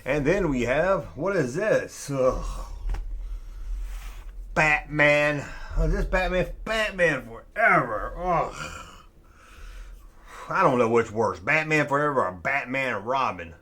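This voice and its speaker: Sarcastic, lively man mocking old toys. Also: medium pitch, slow pace, pauses often. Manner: snarky, grumbling, swears casually. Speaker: host reviewing old toys. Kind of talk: casual sarcastic commentary.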